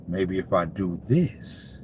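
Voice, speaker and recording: A man's voice: low voice, animated, takes it slowly, slight background noise. A man hosting a sports talk livestream, ranting casually with lots of profanity and frequent laughter as he talks to his chat.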